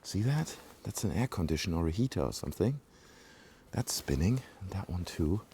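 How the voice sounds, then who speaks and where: Man, British-sounding accent, casual outdoor vlog, chatty and rambling, mellow low voice. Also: sing-song, a little fast, a little hiss or hum. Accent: British-sounding English. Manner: rambling, chatty, many fillers and asides to viewers. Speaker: vlogger. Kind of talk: casual walking vlog commentary. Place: outdoors in a small rural village. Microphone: handheld camera mic while walking.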